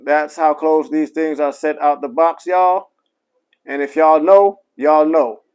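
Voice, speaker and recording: A man's voice: a little high, fairly even intonation, takes it slowly, darkish tone, clear, resonant tone, poor audio. A man, a barber, chatting casually on a live stream and talking straight to his viewers, with many apologetic asides and fillers. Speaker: barber reviewing clippers.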